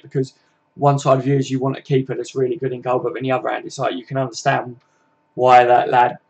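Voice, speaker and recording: A man's voice: medium pitch, vocal fry, darkish tone, dull audio. Young man, southern English accent, slangy, chatty, tag questions, casual live-stream talk. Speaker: football live-stream host. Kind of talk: casual live-stream chat reading viewer comments.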